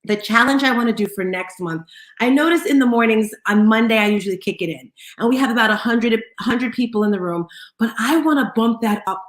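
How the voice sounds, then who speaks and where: A woman's voice: fairly high pitch, brisk, echoey room. Upbeat woman hosting an audio chat room. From Bermudian family. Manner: upbeat, greeting listeners by name. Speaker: host.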